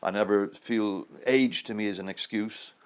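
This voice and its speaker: A man's voice: on the low side, fairly even intonation, normal speed, clear, resonant tone. A man in his sixties, an actor, answering interview questions in a rambling, anecdotal way with frequent chuckles. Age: 60s.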